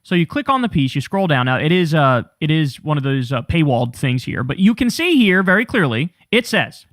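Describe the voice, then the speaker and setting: A man hosting casual political commentary, talking to viewers in an animated, profane, incredulous way. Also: on the high side, fairly quick, few pauses, no room sound, clean studio sound.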